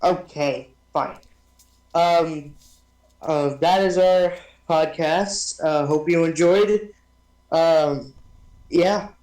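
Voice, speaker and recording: Hesitant man, higher voice, echoey. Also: darkish tone. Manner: hesitant, halting with fillers. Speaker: podcast co-host. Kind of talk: casual podcast chat.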